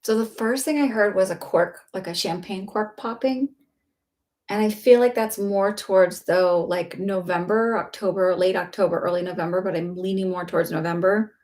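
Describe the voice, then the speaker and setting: A woman's voice: medium pitch, steady tone, normal speed, darkish tone. Chatty woman giving a psychic reading. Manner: chatty, filler-heavy, reassuring. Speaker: psychic reader. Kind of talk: live-stream reading, casual chat.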